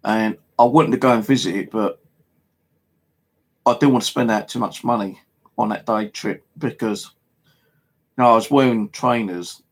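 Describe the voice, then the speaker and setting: A man's voice: on the low side, slightly rough. A man with an English accent telling a rambling, casual story, heavy on fillers and swearing. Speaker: paranormal vlogger. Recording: home video monologue.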